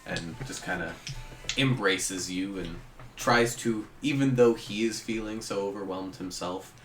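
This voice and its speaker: A man's voice: fairly low pitch, a little slow, a bit bright. A man narrating a tabletop game as game master, describing scenes unhurriedly with fillers. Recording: roomy room with music. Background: ambient guitar music.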